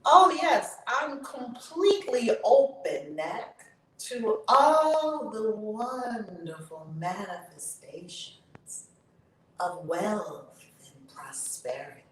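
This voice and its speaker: Slow-talking woman guiding tapping affirmations. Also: mid-range voice, lively intonation, fairly bright tone. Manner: slow drawn-out chanted affirmations, breathy and emphatic. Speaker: YouTube host leading a tapping session. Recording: echoey room, distant mic, faint noise.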